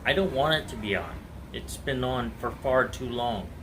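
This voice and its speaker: A man's voice: medium pitch, lively intonation, normal speed, a little hiss or hum, rough recording. A man being interviewed, talking hesitantly and stumbling over his words. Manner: hesitant, repeats himself. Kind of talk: casual interview talk.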